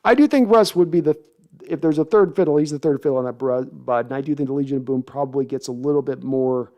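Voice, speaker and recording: A man's voice: medium pitch, fast, warm tone, highs cut off. A man hosting a casual sports livestream, chatty and full of restarts as he reads viewer messages aloud. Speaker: host.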